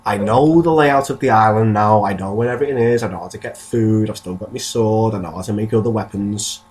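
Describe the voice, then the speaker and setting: A man's voice: on the low side, a little fast, a little mellow, a little hiss or hum. A man, co-hosting a podcast and rambling through jokey stories in casual chat. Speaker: podcast co-host.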